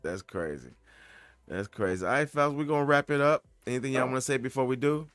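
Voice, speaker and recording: A man co-hosting a casual chat who speaks in a laid-back, agreeable way and often goes quiet. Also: medium pitch, quick pace. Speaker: podcast co-host.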